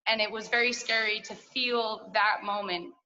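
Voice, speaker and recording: A woman's voice: medium pitch, fairly even intonation, normal speed, pushed and bright, highs cut off. A woman in her twenties telling a personal story at a story slam, candid and profane, full of likes and asides, heard over a video call.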